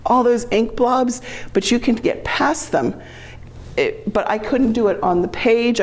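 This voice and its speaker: A middle-aged woman presents to a genealogy class in a relaxed lecture style. Her voice sits at a middle pitch, and her tone is chatty and explanatory. She often says "um" and restarts her sentences as she works through examples. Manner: chatty, explanatory, frequent ums and self-corrections.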